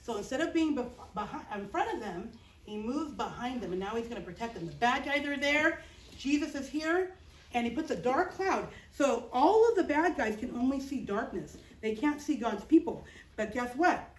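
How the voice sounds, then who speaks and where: A woman teaching children, telling a Bible story in a lively, playful and expressive way. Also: a little high, normal speed. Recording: roomy, distant mic.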